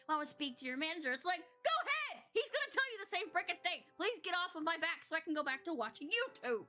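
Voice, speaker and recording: A woman's voice: high-pitched, sharp tone. A young woman co-hosting a podcast, telling exasperated customer service stories in a ranting, casual way. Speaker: podcast co-host. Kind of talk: casual chat.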